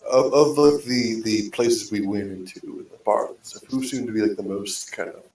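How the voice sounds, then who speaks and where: A man with a gravelly voice plays a tabletop game, speaking haltingly and casually. He sits away from the mic in an echoey room. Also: on the low side, darkish tone, distant mic. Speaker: player.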